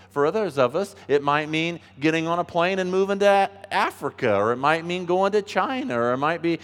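Man, pastor, mid pitch, emphatic sermon delivery with quiet asides, long church reverb. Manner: earnest, emphatic, swings between soft asides and loud stresses.

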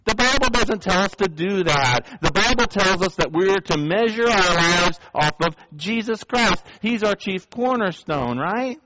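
A man's voice: high-pitched, lively intonation, unhurried, hardly any pauses, sharp tone, dry recording. A man preaching a sermon as pastor, reading scripture and earnestly asking the congregation direct questions, on a dull, dry, lo-fi recording.

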